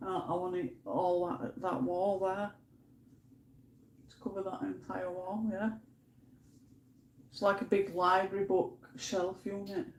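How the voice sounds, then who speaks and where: A woman's voice: medium pitch, little pitch movement, measured pace, pauses often, slight background noise. A woman hosting a casual livestream from her home, chatting and telling stories in a giggly way while she colours. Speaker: livestream host. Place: home room.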